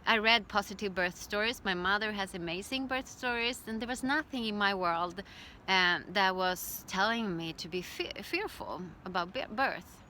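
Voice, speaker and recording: Middle-aged woman, birth educator, telling her story calmly, bright clear tone, bit of faint noise behind. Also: medium pitch, moderate pace. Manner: calm, reflective storytelling with acted-out quotes. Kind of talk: personal storytelling.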